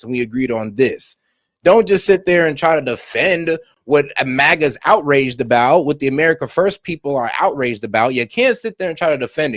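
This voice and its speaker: A man doing casual reaction commentary on political news, animated and joking, laughing at his own asides. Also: on the high side, no echo.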